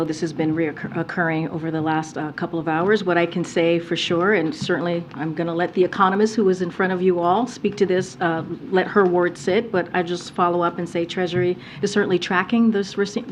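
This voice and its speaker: A woman takes questions at a press briefing podium, her voice sitting on the low side. She picks her words carefully, restarting phrases and padding with fillers. A faint hum sits under her. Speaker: press secretary.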